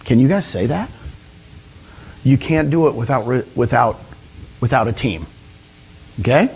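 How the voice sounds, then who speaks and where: A man giving an energetic motivational seminar talk to a live audience, often asking them questions. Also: mid-range voice, unhurried, a little hiss or hum. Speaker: speaker at a real estate training session.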